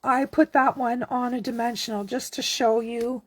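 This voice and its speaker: Crafter host, woman, slightly high and husky, slow friendly talk-while-working. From Canada. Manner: chatty, relaxed, talks while working. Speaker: card-making demonstrator. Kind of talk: casual craft tutorial.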